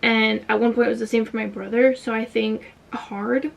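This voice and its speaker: A woman's voice: a little high, steady tone, moderate pace, creaky, recorded from a distance. A young woman telling a personal story in a casual vlog, emotional and fighting back tears, with many "like" fillers. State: tight throat from holding back tears. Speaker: vlogger.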